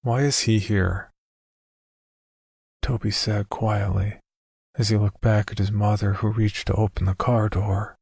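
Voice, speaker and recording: A man narrating a horror story in a slow, somber, scripted read. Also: lowish voice, completely flat delivery, creaky, a little mellow, slightly rough, dry recording, studio quality.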